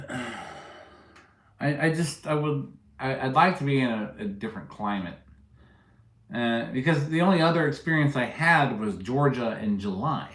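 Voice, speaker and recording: A man hosts a laid-back livestream, rambling, joking with viewers, and laughing at his own stories. His voice is medium-pitched, animated and a little bright, at a normal speed, in an echoey room.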